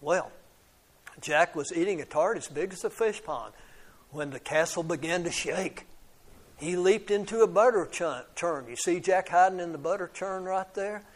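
A man's voice: sits high, moderate pace. A man reading a fairy tale aloud to children, adding little asides to the kids and stumbling now and then over words. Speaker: storyteller.

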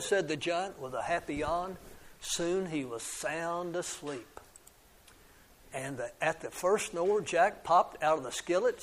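Man, fairly high voice, reading a storybook to kids, friendly asides, small stumbles. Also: slight background noise. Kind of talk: reading a storybook aloud to children.

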